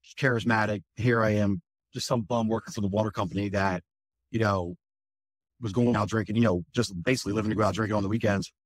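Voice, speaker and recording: A firefighter, telling a candid, rambling personal story in an interview, full of fillers and swearing. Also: male voice, fairly low pitch, steady tone, fast talker, husky, no echo.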